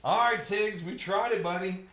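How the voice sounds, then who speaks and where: A man's voice: high voice, fairly even intonation, normal speed, fairly bright tone, reverberant, a little hiss or hum. A young man hosting a live card break, joking and riffing with viewers by name as he opens packs.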